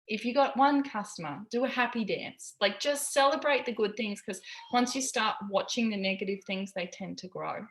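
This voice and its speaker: A woman's voice: mid-range voice, normal speed, hardly any pauses. A woman coaching her team on a live call from a busy home, candid and encouraging, swearing freely. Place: busy home with kids in background. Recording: roomy echo.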